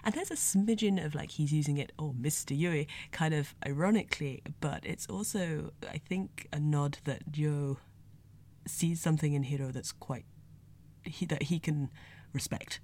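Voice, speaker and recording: Low-voiced woman reviewing anime. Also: normal speed, mellow. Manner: chatty and analytical, explaining Japanese words. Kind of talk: casual spoken review.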